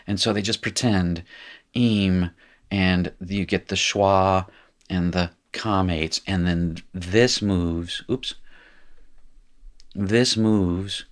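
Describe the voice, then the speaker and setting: A man's voice: sits low, steady tone, very slow. A man teaching a live recorded language lesson, chatty and jokey, correcting himself as he goes.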